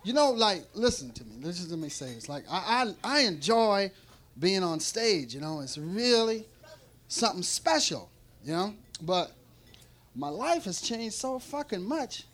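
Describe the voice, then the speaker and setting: A male comedian's high, very animated, slightly bright voice carries a rambling, profane set at a measured pace before a live club audience. He laughs frequently and restarts his sentences. The live recording picks up audience noise.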